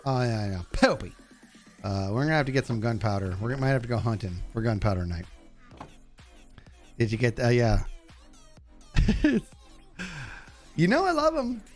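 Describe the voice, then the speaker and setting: A man's voice: moderate pace, pauses often, faint music behind. A man streaming a game live, chatting goofily with his viewers as he plays. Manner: goofy, talks to chat, jumps high in excitement. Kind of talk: live gameplay commentary.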